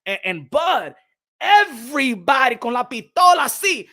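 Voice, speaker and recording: A man's voice: very high-pitched, very animated, moderate pace, pushed and bright. A man hosting a boxing channel, ranting casually with lots of stammered restarts. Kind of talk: casual vlog rant.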